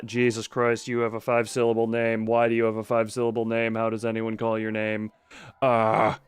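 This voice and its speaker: A man's voice: on the low side, monotone, a little fast, clear, resonant tone, no echo. A man streaming a game, reading the on-screen text aloud and breaking off for joking remarks. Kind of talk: live gameplay stream, reading a visual novel aloud.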